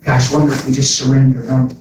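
A man preaching a sermon, telling stories with animated energy, laughing and acting out conversations. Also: mid-range voice, very fast, noisy background. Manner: animated, laughing, acts out dialogue. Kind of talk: sermon with storytelling. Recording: very echoey, distant from mic.

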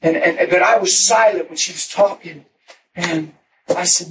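A man with a high voice preaches his own testimony, telling the story with animation and breaking into laughs and shouts. He sounds set back from the microphone, and clear room noise sits under his voice. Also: normal speed. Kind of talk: testimony sermon. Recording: distant mic with noisy room ambience.

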